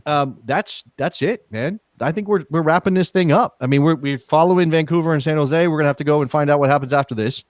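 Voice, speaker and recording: Speaking fast with hardly any pauses, a fairly high-pitched man jokes and teases his way through a casual podcast conversation as co-host. There's no room sound.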